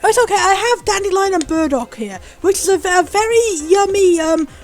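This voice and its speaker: A woman's voice: very high-pitched, moderate pace, faint music behind. Bubbly British woman playing a game. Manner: bubbly, excitable, gushing. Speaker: let's play host. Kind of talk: gameplay commentary.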